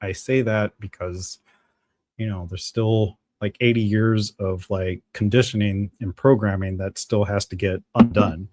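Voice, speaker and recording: A man's voice: lowish voice, steady tone, a little slow, a little mellow, no echo. A man hosting a live stream, chatting casually in a rambling, ad-libbed, jokey way.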